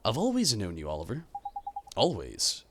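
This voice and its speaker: A man voicing a gentle, mysterious little girl who speaks softly. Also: lowish voice, huge pitch swings, moderate pace, background noise.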